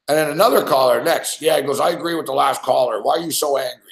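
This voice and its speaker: A man's voice: medium pitch, fast, creaky. A man hosting a podcast, telling a rambling, profane story in casual chat and laughing often. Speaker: podcast host. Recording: roomy echo.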